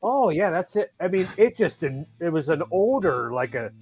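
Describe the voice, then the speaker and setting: Male host, chatty and animated, acting out quotes, voice a bit high. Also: moderate pace, breathy edge. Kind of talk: casual chat. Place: Chicago.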